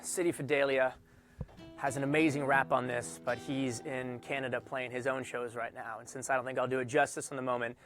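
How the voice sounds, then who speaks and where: A man's voice: medium pitch, level tone, brisk, music in the background. A man casually chatting to his livestream audience between songs, loose and rambling with lots of fillers. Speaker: singer-songwriter hosting a livestream. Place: indoor room under hot lights.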